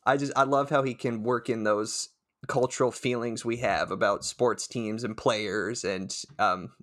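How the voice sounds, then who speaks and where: A man's voice: mid-range voice, steady tone, unhurried, fairly bright tone. A man co-hosting a casual movie podcast, chatting eagerly about sports references. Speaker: podcast co-host.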